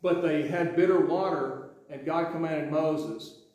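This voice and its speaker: In a very echoey church sanctuary, a pastor from Sweetwater preaches a sermon in a fairly high, darkish voice at a measured pace. He talks conversationally, restarts often, and acts out the quotes he reads.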